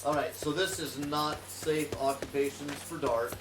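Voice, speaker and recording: A man's voice: on the high side, fairly even intonation, measured pace, music in the background. A man streaming a modded block game in virtual reality, talking casually to himself about his plans and humming tunelessly while he works. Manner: chatty, hums tunelessly to himself while working. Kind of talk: casual let's-play commentary. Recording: roomy, distant mic with clear noise.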